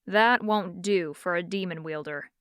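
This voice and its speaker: A woman narrator voicing a condescending, stern young man who hunts demons, speaking low and curt in an audiobook. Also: unhurried, fairly bright tone, smooth, dry recording, clean studio sound. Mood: scornful. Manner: curt, scornful.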